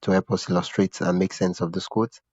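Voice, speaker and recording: Slightly low man hosting a podcast. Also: flat delivery, fairly quick, a little mellow, husky, no echo, dull audio. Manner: searching for words, repeats himself, laughs now and then. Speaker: podcast host. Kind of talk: conversational interview.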